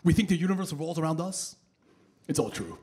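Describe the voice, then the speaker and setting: Animated high-voiced comedian. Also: male voice, fast, very noisy. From New York. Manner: loud, animated crowd work. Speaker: stand-up comedian. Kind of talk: stand-up set. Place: back room of a bowling alley.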